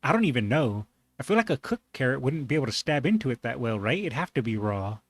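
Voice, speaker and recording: A man with a mid-range voice reacts to a clip, musing aloud in a relaxed, easygoing way and laughing often. The recording is close and dry, with no room sound. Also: medium pitch, quick pace, no echo. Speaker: reaction video host. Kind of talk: casual reaction commentary.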